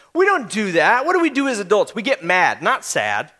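Casting note: young male pastor, very high and bright voice, earnest conversational sermon delivery. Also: huge pitch swings, normal speed, hardly any pauses. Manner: earnest, conversational preaching with frequent restarts and acted quotes.

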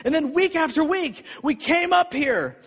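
A man preaching a sermon as pastor, telling a personal story with emphatic, repeated phrases and a husky voice. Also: extremely high pitch, animated, measured pace, fairly bright tone. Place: church sanctuary. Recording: long reverb of a church hall.

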